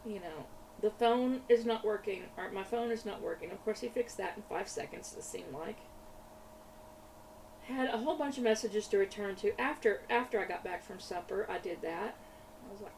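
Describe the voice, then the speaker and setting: A woman's voice: mid-range voice, normal speed, darkish tone. A woman, chatting in a rambling way while she crafts, often laughing and repeating her words. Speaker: craft vlogger. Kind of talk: casual chat while crafting. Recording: slightly distant mic with faint room noise.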